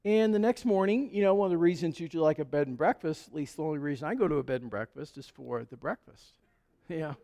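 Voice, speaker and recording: A male pastor preaching a sermon in a relaxed, conversational storytelling way. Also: a little high, fast talker. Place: church sanctuary. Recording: long church hall reverb.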